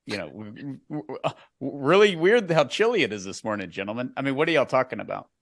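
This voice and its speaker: A man's voice: mid-range voice, very animated, fast, dry recording, clean studio sound. A man hosting a podcast, reacting with short questions and remarks. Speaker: podcast host. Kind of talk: interview conversation.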